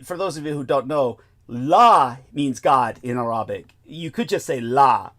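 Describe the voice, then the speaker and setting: A man's voice: mid-range voice, a bit bright. A man hosting a casual talk show, lecturing in a rambling, profane way with lots of fillers. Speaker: host.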